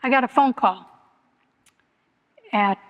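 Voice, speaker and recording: Her voice is fairly high and slow as this middle-aged woman tells her story at a recovery meeting. The testimony is earnest, emotionally open and repetitive. The sound is lo-fi, with a long reverb from the meeting hall.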